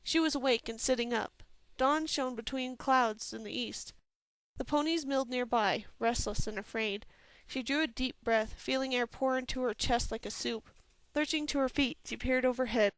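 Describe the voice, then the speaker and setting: Woman, audiobook narrator, higher voice, smooth clear tone, dry close sound, steady reading. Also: moderate pace, no echo. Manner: steady, even storytelling reading. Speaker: audiobook reader. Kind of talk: scripted fantasy novel narration.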